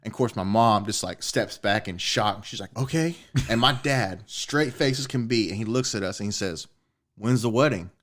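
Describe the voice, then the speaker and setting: Low-voiced man telling a story, swearing. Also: moderate pace. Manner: animated, swears a lot, rising excitement. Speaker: podcast co-host. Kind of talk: casual storytelling chat.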